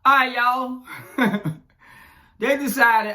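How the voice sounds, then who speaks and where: A man's voice: high voice, expressive, normal speed, sharp tone. A man, ranting profanely in casual commentary, chuckling and rambling as he goes. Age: 40s. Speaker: social media commentator.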